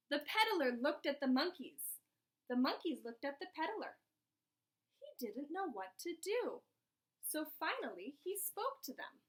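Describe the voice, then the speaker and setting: A woman teacher doing an animated read-aloud for children, asking them questions as she goes, recorded over a video call. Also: high voice, a little slow. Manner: animated, asks listeners questions.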